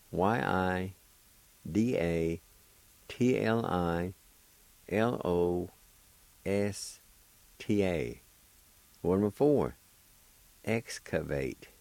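A man hosting a radio language lesson, spelling out each word and repeating it slowly and deliberately, with gentle encouragement for beginners. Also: deep voice, gravelly, no echo, low-quality recording. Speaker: radio host teaching a language.

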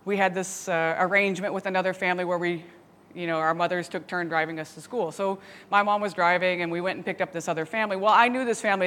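A woman teaching a Bible study, telling a story with lively laughs and asides. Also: fairly low pitch. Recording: long hall reverb.

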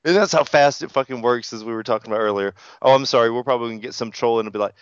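A man's voice: mid-range voice, very fast, hardly any pauses, clean tone, no echo. A man co-hosting a podcast, a pro wrestler who tells stories in a profane, joking way. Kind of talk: casual chat. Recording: dull lo-fi sound.

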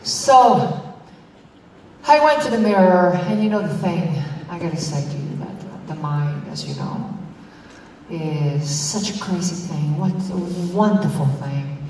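A woman's voice: fairly low pitch, lively intonation, takes it slowly, a little mellow, slight background noise. A woman tells a comic story on stage, acting out both sides of a conversation. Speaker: performer on stage. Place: large hall. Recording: echoey hall from far off.

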